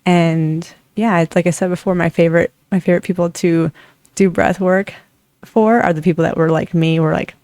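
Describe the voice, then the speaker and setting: Creaky-voiced breathwork facilitator. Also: medium pitch, steady tone, normal speed, darkish tone, no room sound. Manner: rambling, many restarts and "like" fillers. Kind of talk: casual personal storytelling.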